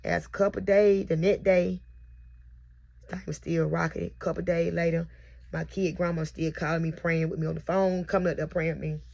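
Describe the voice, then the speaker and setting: A woman's voice: on the low side, level tone, moderate pace, creaky, darkish tone. A young mother recording herself on camera as she tells a heartfelt, repetitive birth testimony. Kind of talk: emotional personal testimony. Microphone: self-recorded on camera.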